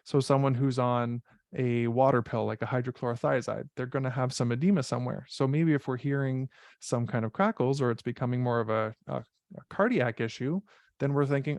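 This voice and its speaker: A man's voice: mid-range voice, fairly even intonation, moderate pace, gravelly, darkish tone, dry recording, clean studio sound. A man teaching paramedic exam strategies in an online info session, speaking in a direct, coaching way and often checking in with "right?".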